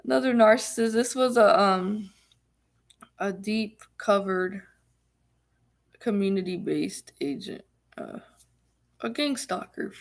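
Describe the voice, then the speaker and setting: A woman's voice: mid-range voice, slow, creaky, long pauses. A woman vlogger telling a personal story in a rambling, casual way, full of fillers and emphatic repeats.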